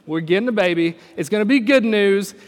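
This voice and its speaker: A man's voice: sits high, brisk, big-room sound, close to an everyday voice. A man voicing an eager, boastful male angel thrilled to bring good news. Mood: excited. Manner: excited, boastful.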